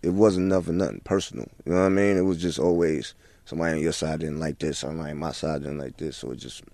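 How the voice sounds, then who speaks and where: A man's voice: a bass voice, quick pace, creaky, a little mellow, no room sound. A man in his forties, a guest in a casual interview, talking in a laid-back way with lots of filler phrases. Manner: laid-back, many "you know what I'm saying" fillers. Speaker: guest rapper.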